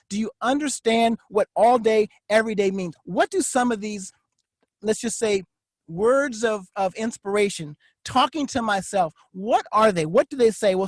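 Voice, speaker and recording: A man coaching in a motivational vlog, pressing each point with emphatic repetition in a preacher-like cadence. He drops into a low, confiding tone for his asides. The room is completely dry, with no echo at all. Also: animated, moderate pace. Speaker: network marketing coach.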